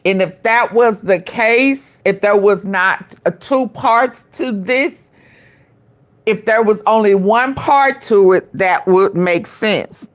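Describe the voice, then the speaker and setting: A woman's voice: mid-range voice, takes it slowly. A woman hosting her own show, casually commenting on a trial and reacting to a clip, often hesitating and repeating words.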